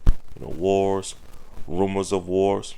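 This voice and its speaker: A very low-pitched man delivers a sermon, reading scripture passages aloud. He punctuates nearly every phrase with "okay", "all right" and "you know", pressing each point home. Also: monotone, slow pace, creaky, warm tone, a little hiss or hum. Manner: emphatic, with frequent "okay" and "you know" fillers. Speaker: preacher.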